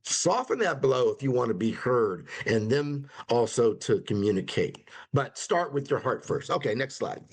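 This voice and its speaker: A man leading a webinar on conflict resolution. He talks conversationally and jumps into quoted lines with sudden rises in pitch. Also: very animated, moderate pace, slightly rough. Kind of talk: webinar presentation.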